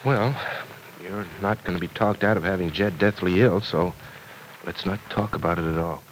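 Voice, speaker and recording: A relaxed, teasing young fellow with a very deep voice, voiced by an actor in an old radio play. He talks in a reassuring way with an easy joking edge. The broadcast carries a faint hiss. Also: normal speed, close to an everyday voice, rough recording. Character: easygoing, teasing young man, her former fiancé. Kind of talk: 1940s radio drama acting.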